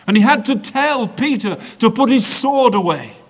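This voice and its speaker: A man preaching a sermon in a measured, repetitive build-up, swinging dramatically between hushed and loud delivery. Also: extremely high pitch, lively intonation, breathy edge.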